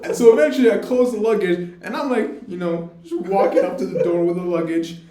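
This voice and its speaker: A man's voice: sits high, fast talker, warm tone. A young man co-hosting a podcast, telling his side of a story in a laid-back way, laughing and swearing. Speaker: podcast co-host. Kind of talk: casual storytelling chat. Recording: echoey room, faint hiss.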